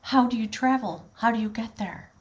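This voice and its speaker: A woman's voice: on the high side, normal speed. A woman giving a spiritual tarot reading, speaking earnestly and directly to the viewer in a flowing, heartfelt way. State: choked up with emotion at times. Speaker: tarot reader.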